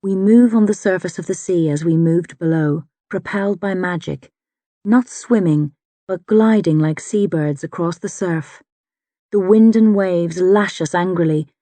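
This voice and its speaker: Woman narrating an audiobook, kinda low voice, steady dramatic read, dead dry sound. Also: no room sound. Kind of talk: first-person audiobook narration.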